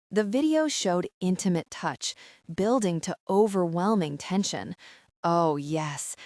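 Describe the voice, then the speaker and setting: A woman with a fairly low voice reads a romance audiobook in the first person. The sound is dry and close, with no room around it. She slows down and lingers over the steamy passages. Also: darkish tone, dry recording. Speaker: audiobook narrator.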